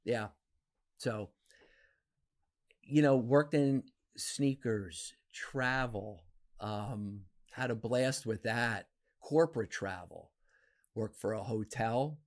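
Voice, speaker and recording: A man in his fifties from New Jersey, a podcast guest telling stories from his life in a casual, animated way. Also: slow pace, pauses often. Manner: animated, acts out quoted voices with big pitch jumps. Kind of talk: casual storytelling interview.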